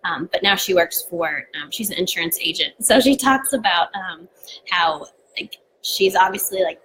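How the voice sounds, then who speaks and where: A woman's voice: lowish voice, expressive, normal speed, fairly bright tone, slight background noise, low-quality recording. A woman co-hosting a podcast live stream in a casual, chatty way, full of "like" and "um.". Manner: chatty, with frequent "like" and "um". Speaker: podcast co-host.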